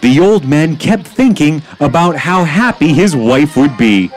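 A man tells a children's tale in a gentle, storytelling manner. His voice is high and expressive, and he paces it slowly. Faint music plays underneath. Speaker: narrator. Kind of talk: storybook narration.

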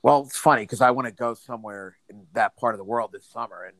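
A man's voice: medium pitch, quick pace, fairly bright tone, dry recording. A man chatting casually on a podcast, joking dryly about himself. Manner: dry, self-deprecating humor. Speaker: podcast co-host. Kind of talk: casual chat.

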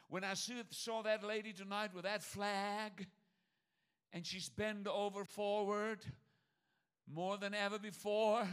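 A man's voice: high voice, clear, resonant tone. A man preaching a sermon, pressing his points with repetition and calling on the church. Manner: emphatic preaching, swings between loud calls and near-muttered asides.

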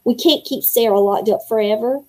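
A nervous young ghoul boy who frets over his spells and fumbles asking a girl to a dance, as a woman puts him on. The voice has a mellow, soft tone. It sounds like a character in a storybook. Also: a little high, moderate pace, lightly acted. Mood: awkward.

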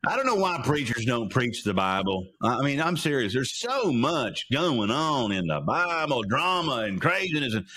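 A man hosting his own show, retelling Bible stories in an animated, casual preaching style. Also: mid-range voice, normal speed, hardly any pauses, breathy edge. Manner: animated storyteller, laughing asides. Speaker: host.

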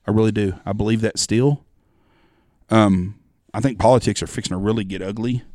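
A man's voice: on the low side, fairly even intonation, fairly quick, darkish tone, no echo, clean studio sound. A man in his forties, co-hosting a casual chat and telling rambling, profane stories. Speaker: podcast co-host.

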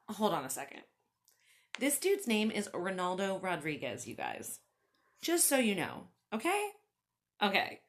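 Host and author, woman, reads her own story with a lively pitch, chatty asides. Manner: animated, laughing asides to listeners.

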